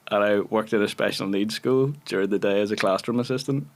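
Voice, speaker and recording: A man's voice: lowish voice, brisk. A Northern Irish man in his thirties, a guest actor telling chatty anecdotes on a podcast and laughing often. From Northern Ireland. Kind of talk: casual podcast chat.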